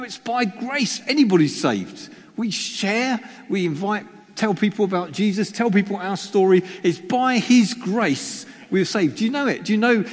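A male preacher giving a chatty sermon, teasing the congregation and poking fun at himself. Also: sits high. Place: church hall. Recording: long reverb of a church hall.

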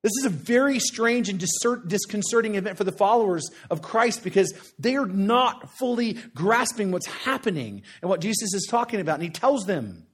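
A male preacher with a notably high voice delivers his sermon in an earnest, conversational manner. He builds emphasis through short repeated phrases and keeps checking in with his listeners. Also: lively intonation, normal speed, few pauses, slightly rough.

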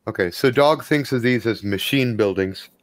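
A man who is a player in a tabletop role-playing game, talking in a measured way and asking questions. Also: mid-range voice, no room sound.

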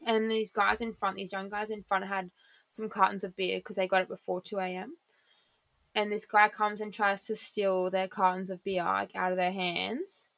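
A young woman co-hosts a chatty podcast, spinning stories with plenty of "like" and the odd swear word. Her mid-height voice has a gravelly, vocal-fry edge. The sound is dry and close to the mic. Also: mid-range voice, normal speed, dry recording. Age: 20s. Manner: animated storyteller, swears casually, many fillers. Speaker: podcast co-host. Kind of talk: casual chat.

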